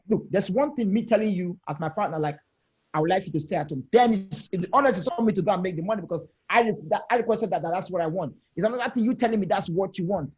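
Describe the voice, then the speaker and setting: On a video call, a man with a high-sitting voice argues his point in a panel discussion, the audio sounding dull. He's emphatic and direct, repeating phrases and challenging listeners.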